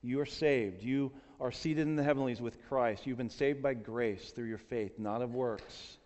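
A man preaching a lively sermon, with self-deprecating asides to his congregation. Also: mid-range voice, moderate pace, dull audio. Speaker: pastor. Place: church sanctuary. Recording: long reverb of a large hall.

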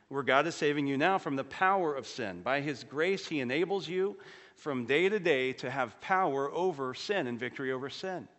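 A man preaching a sermon as pastor, earnestly rising for emphasis and dropping to a low, quiet voice on solemn points. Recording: long hall reverb.

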